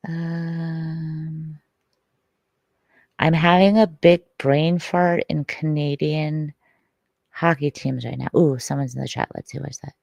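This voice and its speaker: A woman's voice: low-pitched, creaky, darkish tone, no room sound. A woman from Detroit chatting casually to her livestream viewers, rambling, swearing and now and then dropping to a whisper.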